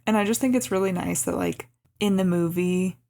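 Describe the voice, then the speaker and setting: Gravelly young woman recapping a movie. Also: fairly low pitch, a little fast. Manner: narrates the plot in an even recap, with light laughs. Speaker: podcast co-host. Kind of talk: casual chat recapping a movie.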